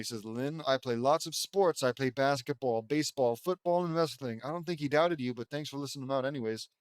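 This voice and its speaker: A man's voice: medium pitch, clean tone, no room sound. Sarcastic man reading fan fiction aloud. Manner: exasperated, sarcastic asides and quick mock voices. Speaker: reader mocking a fan fiction. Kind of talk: sarcastic comedic dramatic reading.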